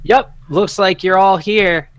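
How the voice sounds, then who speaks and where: A man's voice: high voice, slow pace, smooth, voice pushed up. A man voicing a nervous young stable hand in a tabletop game, who fumbles and hesitates.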